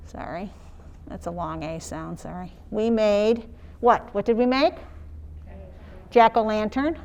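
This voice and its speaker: Woman, teacher, slow sing-song phonics demonstration, sounds out words for young kids. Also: mid-range voice, highs cut off.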